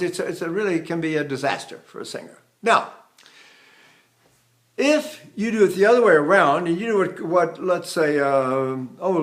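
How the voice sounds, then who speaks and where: Older male voice teacher, high speaking voice. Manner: explanatory, digressive, with restarts. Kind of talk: vocal technique lesson with sung demonstrations.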